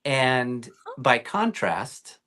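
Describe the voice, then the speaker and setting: Very slow and sing-song, his medium-pitched voice sounds pushed and bright. He's a guest actor in a relaxed interview over video call, wandering through stories with plenty of fillers and false starts.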